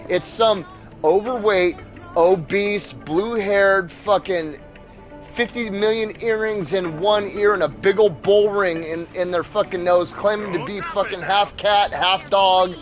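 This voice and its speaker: A young father hosts a gaming video, ranting over gameplay in a heated, profane, blunt way. His voice sits high and he speaks a little slowly, with soft music in the background.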